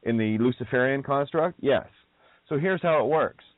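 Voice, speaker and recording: Blunt swearing radio host, tinny sound. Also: male voice, mid-range voice, normal speed, dry recording. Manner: blunt, swearing, nonchalant and digressive. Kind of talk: casual radio talk. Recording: dry tinny phone-quality audio.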